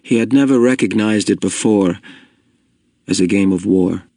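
A man narrating a story in a lowish voice. The recording is very dry and close, with no room at all. He reads steadily and takes his time. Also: no room sound. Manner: steady, measured reading, slowing at heavy moments. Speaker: audiobook narrator. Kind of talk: scripted narration.

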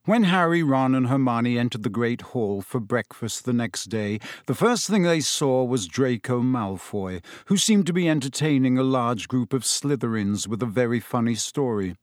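A man narrates an audiobook with a lively, rising and falling pitch. His delivery is expressive. The recording is close and very dry. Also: normal speed, hardly any pauses, dry recording.

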